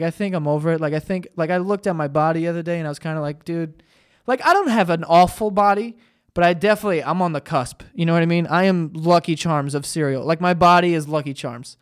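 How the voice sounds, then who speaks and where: High-voiced young man ranting profanely. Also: clean tone. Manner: profane, exasperated ranting with self-mocking asides. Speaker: podcast host. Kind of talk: solo comedic rant.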